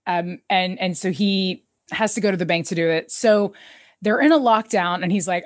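A woman's voice: on the low side, normal speed, dry recording, studio quality. A woman co-hosting a casual chat, recapping a TV episode with an easy, enthusiastic manner. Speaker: podcast co-host.

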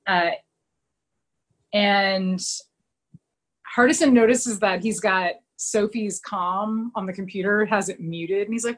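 A woman in casual podcast chat, retelling scenes with lots of fillers and quick quoted voices. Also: mid-range voice, low-quality recording. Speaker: podcast co-host recapping a TV episode.

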